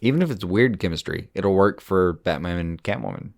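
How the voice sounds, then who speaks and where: A man with a fairly low voice co-hosts a podcast. He rambles loosely, piles up fillers and swears now and then in a relaxed back-and-forth. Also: brisk, vocal fry. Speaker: podcast co-host. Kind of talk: casual podcast chat.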